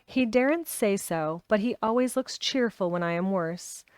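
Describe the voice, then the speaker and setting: A woman reading aloud voices a sickly, bedridden young boy who talks crossly and resentfully, jumping up into high outbursts. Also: normal speed, darkish tone, clean tone, no echo, close to an everyday voice.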